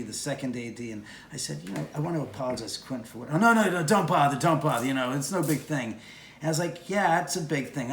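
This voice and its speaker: A man's voice: mid-range voice, slight background noise. A man who owns a house and produces films tells an anecdote on location outdoors. He tells it with energy and acts out the voices of the people in his story. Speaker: homeowner and film producer. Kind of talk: casual anecdote told on location. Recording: echoey, distant, with faint outdoor ambience.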